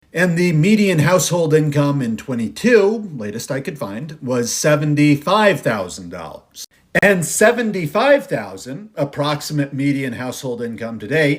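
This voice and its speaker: A man calmly correcting a claim with figures, dry and explanatory. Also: mid-range voice. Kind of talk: fact-check response video.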